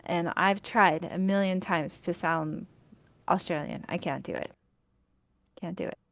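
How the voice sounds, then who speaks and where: Animated woman in casual chat. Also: lowish voice, measured pace, gravelly, no room sound. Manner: animated, laughs often, swears casually.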